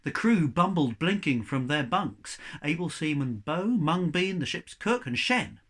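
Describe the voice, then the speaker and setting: A man reading a children's novel aloud to young pupils, with a chatty, expressive manner. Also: a little high, measured pace.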